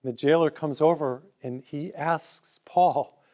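A man's voice: on the high side, takes it slowly, a little mellow. Man preaching a broadcast sermon. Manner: conversational storytelling with everyday parables; offers free booklets to listeners.

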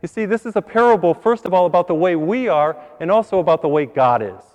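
A priest giving an earnest sermon, repeating words and building to higher emphasis on key points. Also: male voice, lively intonation, fast talker, darkish tone, in a large hall. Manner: earnest, repeats words, rises in pitch when stressing a point.

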